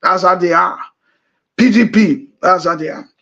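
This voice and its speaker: A middle-aged man with a Nigerian accent hosting a talk show, explaining politics and repeating points slowly. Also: high voice, vocal fry, sharp tone, muffled recording. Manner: many uh fillers, emphatic. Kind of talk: political commentary monologue.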